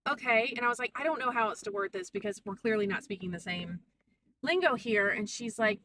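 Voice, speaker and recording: A woman vlogging a casual storytime, animated and quoting people in put-on voices. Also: a little high, brisk, distant mic, background noise.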